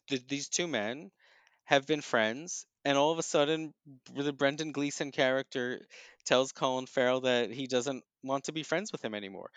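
Thoughtful male critic with a smooth voice. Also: mid-range voice, a bit bright, dry recording. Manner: thoughtful, with frequent ums and restarts. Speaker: theater and film critic. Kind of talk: casual review chat.

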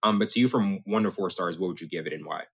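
A man hosting a casual movie review chat, asking questions in a halting way that often stumbles over repeated words. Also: deep voice, vocal fry, a bit bright, breathy edge. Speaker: podcast host.

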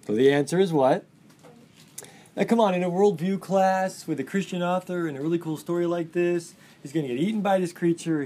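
A man's voice: fairly high pitch, mellow. Enthusiastic male English teacher. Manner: enthusiastic, asks the class questions. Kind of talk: classroom lecture. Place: classroom.

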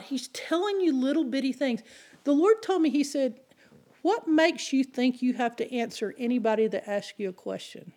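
A woman preaching a sermon, telling stories in an animated way and acting out the people she quotes. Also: a little high. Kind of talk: sermon with storytelling.

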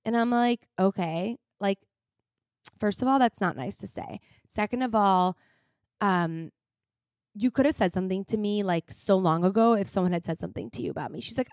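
A woman's voice: medium pitch, moderate pace, a little mellow, no room sound, clean studio sound. A young woman hosting a podcast, telling a personal story in a rambling, filler-heavy way, emotional and at times tearful. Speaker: podcast host. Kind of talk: casual confessional monologue.

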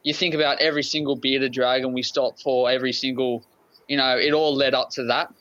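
A man's voice: mid-range voice, little pitch movement, brisk, a bit bright. Easygoing Australian man, muffled sound. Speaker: guest. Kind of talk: casual chat.

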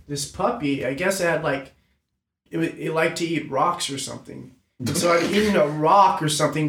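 A man's voice: a little high, a bit bright, a little hiss or hum. A man telling a rambling, swear-laced story in a casual chat with friends, full of restarts. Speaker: storyteller on a group podcast. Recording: roomy echo.

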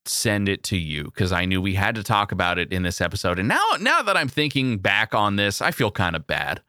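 A man co-hosting a podcast in a playful chat. His voice is bright and sits low, and his pitch swings a lot. The sound is dry and close to the mic. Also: sing-song, a little fast, clean tone, no echo. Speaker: podcast co-host.

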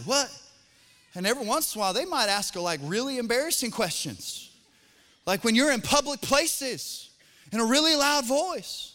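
Pastor guy with a high bright voice, casual joking sermon, echoey church. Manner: conversational, jokey storytelling that drops to soft, earnest appeals. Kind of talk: sermon with humorous family anecdotes. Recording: long hall reverb.

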